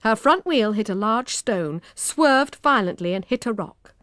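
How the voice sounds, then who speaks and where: Woman, British accent, audiobook narrator, expressive storytelling, close mic, dry. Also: mid-range voice, a little slow, no room sound. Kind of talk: children's audiobook reading.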